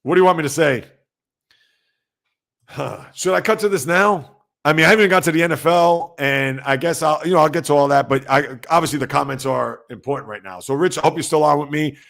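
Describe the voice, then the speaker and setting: A man with a gravelly, fairly high voice hosts a casual sports livestream from home. He talks loud and emphatic, rambling in a conversational way and answering viewers in the chat. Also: a little fast.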